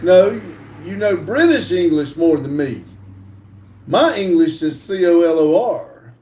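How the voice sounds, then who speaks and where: A man hosting a livestream, reading viewer chat aloud in a slow, halting way with frequent "uh" fillers. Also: fairly high pitch, lively intonation, warm tone, roomy sound, distant mic. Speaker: livestream host.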